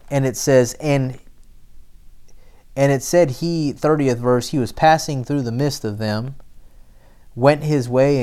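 A male preacher delivering a sermon at a mid-range pitch. His teaching is measured and often drops soft, then swells into loud, insistent declarations. He leans on repeated phrases for rhythm. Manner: repetitive preaching cadence.

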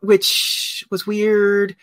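A man's voice: high-pitched, completely flat delivery, drawn-out words, a bit bright. A man co-hosting a podcast, chatting casually about a film, rambling with many fillers and frequent laughter. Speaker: podcast co-host.

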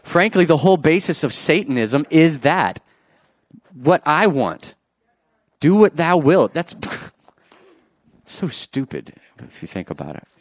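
Lively man preaching a sermon. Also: on the high side, slow pace, pauses often, no room sound. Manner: animated, swings between loud exclamations and soft asides; jokes with the congregation.

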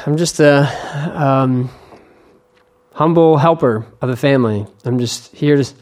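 A man's voice: medium pitch, unhurried, a little mellow. A man hosting a podcast in casual chat, teasing his guest and talking loosely with lots of fillers. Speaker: podcast host.

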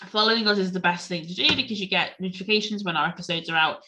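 A woman's voice: on the low side, very fast, sharp tone, a little hiss or hum. A woman co-hosting a podcast, chatting casually and emotionally through a film review with lots of "like". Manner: chatty, heavy use of "like"; emotional, gushing. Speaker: podcast co-host.

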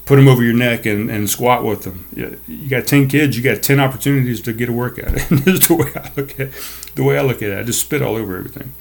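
A man's voice: mid-range voice, quick pace, creaky. A middle-aged man hosting his own podcast from a desk, ranting in a fired-up, profane, motivational way. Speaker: podcast host. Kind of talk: casual solo podcast rant. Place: home desk.

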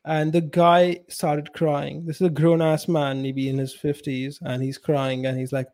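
Blunt man, mellow tone. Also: on the high side, level tone, unhurried, few pauses. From India. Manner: blunt and opinionated. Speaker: podcast co-host. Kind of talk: casual chat.

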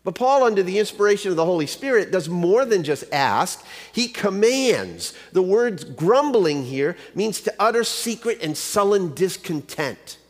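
A man's voice: sits high, sing-song, measured pace, hardly any pauses. A man, a pastor, preaching a sermon. He keeps asking the listeners rhetorical questions and tells a joke story to make his point. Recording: long hall reverb.

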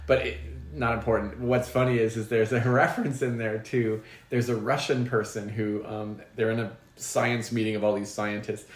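A man with an average-pitched voice co-hosts a casual chat, wandering through his points with lots of ums and restarts. The sound is roomy and echoey. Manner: rambling, many ums and restarts. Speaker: podcast co-host.

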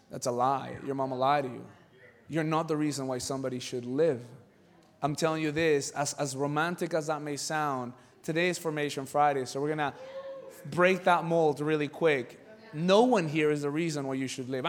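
A man preaching a sermon with animated delivery, jumping from shouted lines to quiet asides. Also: on the high side. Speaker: pastor. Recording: reverberant hall from a distance.

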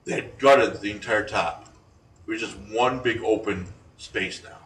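A man's voice: lowish voice, unhurried. Man telling ghost stories in an echoey room. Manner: rambling, animated storytelling with restarts. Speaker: paranormal investigator co-host. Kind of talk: casual radio-style chat. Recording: echoey room, distant from mic, faint noise.

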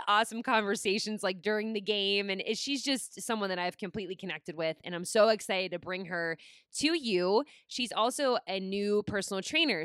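A woman's voice: mid-range voice, fairly bright tone, clean tone, dry recording, clean studio sound. A young woman hosting a podcast in casual chat, enthusiastic and gushing, with a lot of "like". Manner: enthusiastic, gushing, heavy use of "like". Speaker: podcast host and personal trainer.

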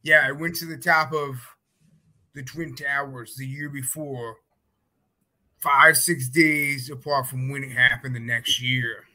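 A man's voice: medium pitch, steady tone, unhurried, bright, forceful tone, low-quality recording. A man chatting casually, telling rambling stories full of fillers. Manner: loose, rambling storytelling with many fillers. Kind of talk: casual podcast chat.

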